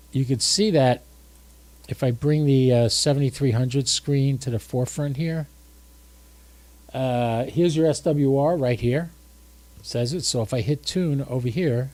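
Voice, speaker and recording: A drowsy man talks casually through his radio setup, thinking aloud as he adjusts the equipment. His voice sits at an ordinary middle pitch. The sound is dry, with no room echo. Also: darkish tone. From United States. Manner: chatty, thinks aloud while working the radio. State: drowsy and tired. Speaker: ham radio livestream host. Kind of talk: casual livestream demonstration.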